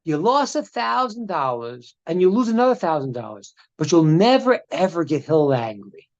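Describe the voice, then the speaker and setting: A man voicing a humble, gentle old male sage who stays calm and patient. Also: fairly high pitch, normal speed, highs cut off, pitched below the performer's own voice. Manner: soft-spoken, patient.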